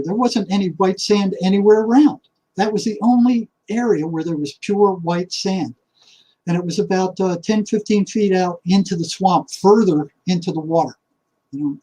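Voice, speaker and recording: Husky older man telling a story. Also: on the high side, a little mellow, low-quality recording. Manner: halting, repeats words, acts out inner voices. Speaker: retired psychotherapist. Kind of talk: casual storytelling.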